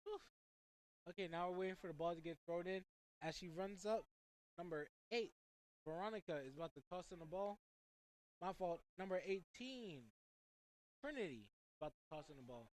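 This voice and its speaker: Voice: medium pitch, moderate pace, low-quality recording. A young student commentator doing chatty play-by-play of a girls' soccer game, rambling into joking asides between calls.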